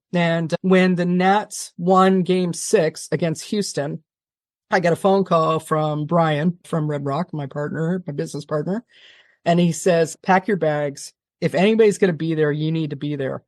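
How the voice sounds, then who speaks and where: A woman guest on an interview podcast, telling a long story in an animated, fast-talking way, often restarting her sentences. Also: fairly low pitch, no echo, studio quality. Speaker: television producer, guest.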